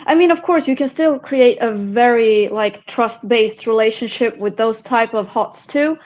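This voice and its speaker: A woman's voice: fairly high pitch, a little slow. Swedish-accented woman chatting over a muffled video call, rambly and laughing a lot. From Sweden. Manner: chatty, self-interrupting, laughs easily. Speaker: guest, herpetologist and venomous snake keeper. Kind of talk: casual remote interview.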